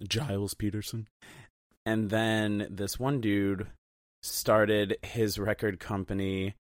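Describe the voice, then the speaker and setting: Male podcast co-host, slow easygoing delivery, lower voice, chuckles a lot. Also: no room sound, clean studio sound. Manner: laughs often, fillers, jokey asides. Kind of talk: casual chat.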